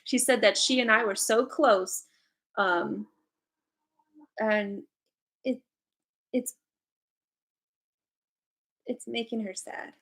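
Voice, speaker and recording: This woman speaks extremely slowly, with long pauses, in a highish, fairly bright voice and fairly even intonation. A psychic card reader, she streams angel card readings from home with her cat, giggling, laughing often and using many fillers.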